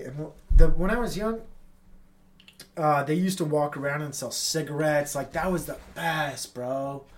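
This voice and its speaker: Stuffy-nosed dude rambling on his podcast at home, lots of swearing, kinda highish voice. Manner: rambling, profane, laid-back. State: stuffy nose. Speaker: podcast host. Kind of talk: casual solo podcast chat. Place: apartment with tenants upstairs.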